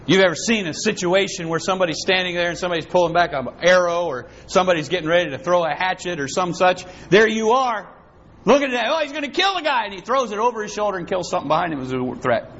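A man with a high-pitched voice delivers a sermon, swinging from loud, dramatic lines to quiet, hushed ones. The recording is dull and lo-fi, with a faint hiss behind it. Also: animated, fast. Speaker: pastor.

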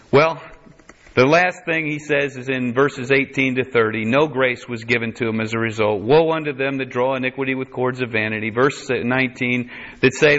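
A male pastor preaches a sermon, working through scripture verse by verse and breaking in with wry asides. His voice is bright and forceful. The recording is dull and lo-fi, with the top end muffled. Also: medium pitch, fairly even intonation, normal speed.

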